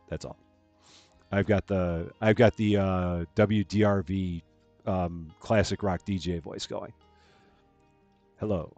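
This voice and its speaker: Rambling low-voiced man streaming a game. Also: darkish tone, no echo. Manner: rambling, repeats words, many fillers. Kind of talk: casual live-stream chat while playing.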